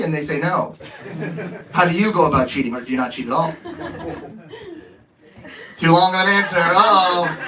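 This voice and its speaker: Male comic, high-pitched, brash and profane, heard from a distance in a club. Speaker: stand-up comedian. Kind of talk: crowd work. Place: comedy club stage. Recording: distant mic, loud laughing crowd.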